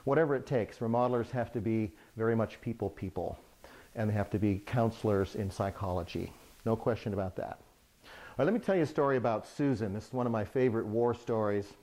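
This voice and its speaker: Man telling a funny work story. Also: medium pitch. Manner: lively, humorous anecdote-telling. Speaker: remodeling contractor. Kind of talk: storytelling to camera.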